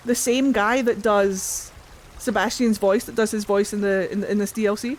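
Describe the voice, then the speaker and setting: Woman streamer, excited, chatty, slow talking, faint room noise. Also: medium pitch. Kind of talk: game playthrough commentary.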